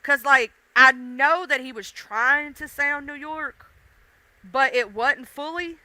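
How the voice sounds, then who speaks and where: A woman's voice: high voice, takes it slowly, bright, forceful tone, no room sound, rough recording. A woman hosting a casual livestream, chatting with her viewers, laughing and teasing them by name. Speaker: livestream host. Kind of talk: casual chat with live viewers.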